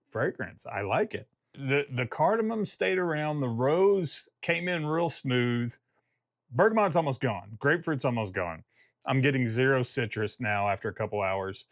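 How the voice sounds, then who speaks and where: A man's voice: medium pitch, fairly bright tone, no echo, clean studio sound. A man giving a casual video review of a fragrance, rambling and joking and often breaking off mid-thought. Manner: rambling, self-interrupting, jokey.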